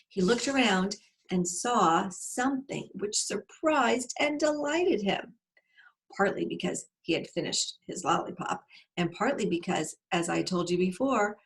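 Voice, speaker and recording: A woman narrating a children's storybook aloud in an expressive, unhurried way. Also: fairly low pitch, gravelly.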